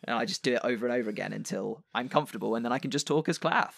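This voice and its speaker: A man's voice: medium pitch, racing, creaky, a bit bright, no echo, clean studio sound. A man hosting a podcast, chatting casually with lots of fillers and restarts. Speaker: podcast host and dungeon master.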